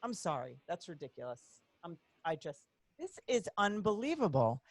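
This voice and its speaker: A woman hosting a casual interview, talking in an animated, exclaiming way. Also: on the low side, moderate pace, no echo, clean studio sound. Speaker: podcast host.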